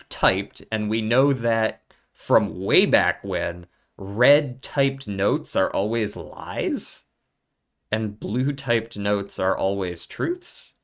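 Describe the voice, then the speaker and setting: A male streamer talks himself through a puzzle game, muttering and cursing as he reasons out each clue. His voice sits low, and he speaks at an unhurried, drawn-out pace. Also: a bit bright. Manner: muttering, profane, puzzling things out slowly. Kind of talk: thinking aloud while playing a puzzle game.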